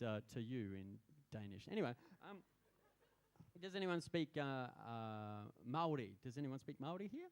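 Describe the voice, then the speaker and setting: A man's voice: mid-range voice, sing-song, moderate pace, over loud music. A man, a musician chatting playfully between songs at a small live venue. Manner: playful, chatty, self-mocking. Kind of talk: stage banter between songs.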